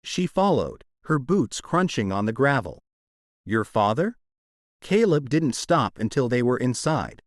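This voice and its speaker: A man narrating a romance audiobook in a dramatic, expressive storytelling manner. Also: mid-range voice, unhurried, hardly any pauses, dry recording, clean studio sound.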